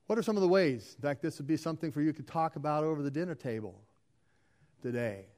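Preaching man with a fairly high voice. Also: lively intonation, quick pace, darkish tone. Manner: preaching with rising emphasis and repeated phrases. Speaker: pastor. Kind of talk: sermon.

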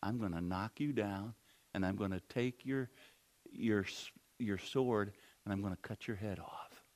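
A preacher playing a young shepherd hero who answers a giant calmly, quietly and firmly. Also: male voice, lowish voice, measured pace, pitched below the performer's own voice, lightly acted. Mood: defiant. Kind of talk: sermon storytelling.

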